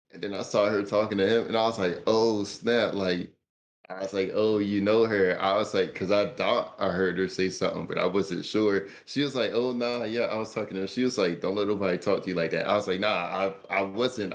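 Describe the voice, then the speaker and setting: A man's voice: deep voice, fairly even intonation, brisk. A man co-hosting a casual podcast, telling a loose, rambling story with many restarts. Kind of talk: casual chat.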